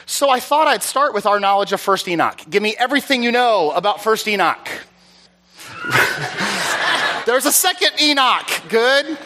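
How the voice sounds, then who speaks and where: At a church service, a man with a fairly high voice for a man preaches a conversational teaching sermon in a relaxed, chatty way. His tone is bright and forward, and he jokes at his own expense while repeatedly checking in with listeners by asking "all right?"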